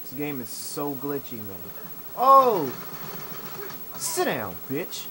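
A young man casually commentating while he plays an online shooter, swearing and complaining with sudden excited outbursts. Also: mid-range voice, measured pace. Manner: profane, frustrated, with excited outbursts. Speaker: gamer. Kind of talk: live commentary over gameplay. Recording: noisy capture over game audio. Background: game sounds.

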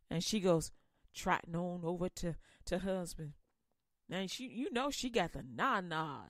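A woman's voice: on the low side, lively intonation, normal speed, no echo, studio quality. A woman podcast host retelling a Bible story comically, playful and preachy.

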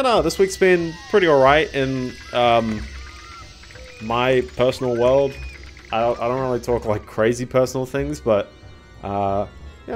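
A young man giving casual, rambling gameplay commentary as a streamer. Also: mid-range voice. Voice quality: rambling, self-deprecating.

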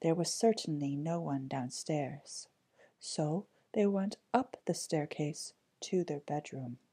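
A woman reading a fairy tale aloud, gentle and slow, dropping some words to a whisper. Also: sits low, slightly rough. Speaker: storybook reader.

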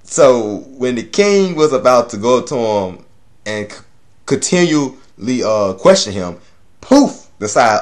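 A man reviews an anime episode in an offhand, rambling way, peppered with swearing and laughs. His pitch sits in the middle of the range but rises and falls a lot as he gets worked up. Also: very animated, slow pace. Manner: rambling, profane, laughs often.

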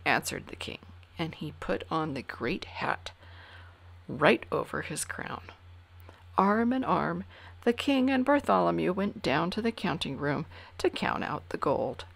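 A woman reading a children's storybook aloud in an expressive way, dropping to whispers for suspense. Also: on the low side, unhurried, gravelly, breathy edge. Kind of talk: reading a picture book aloud.

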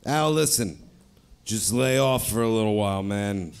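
A man's voice: lowish voice, normal speed, clean tone, lightly acted. A man reading the part of a hunted, swearing action cop in a comedic live script reading. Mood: gruff. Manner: swearing, shouting in alarm. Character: gruff hunted male cop hero, swearing.

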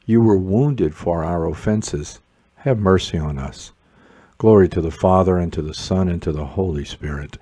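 A man leading morning prayer, reciting psalms and responses in a measured liturgical way. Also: low-pitched, dark tone, husky. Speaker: prayer leader.

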